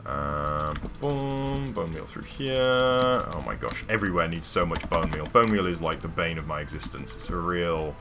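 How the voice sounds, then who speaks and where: A man's voice: low-pitched, moderate pace, hardly any pauses, over music. A man live-streaming a building game, chatty and rambling, with playful sound-effect interjections. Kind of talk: casual live game commentary.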